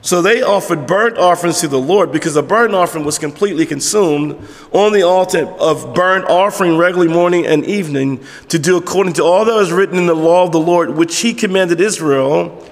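High-voiced pastor preaching in a reverberant church. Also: male voice, brisk. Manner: emphatic, conversational preaching with rhetorical questions. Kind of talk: sermon. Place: church sanctuary with congregation. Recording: long hall reverb in a church.

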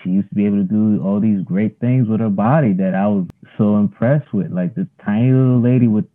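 Speaking briskly in a fairly low voice, a thirty-something guest who practices yoga tells an interviewer a relaxed, meandering story full of fillers. The audio is narrow and phone-like.

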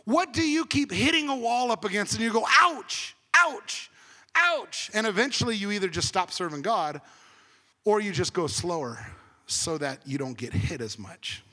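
A man preaching a conversational sermon as pastor, swinging between emphatic and hushed. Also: sits high, animated, normal speed, in a large hall.

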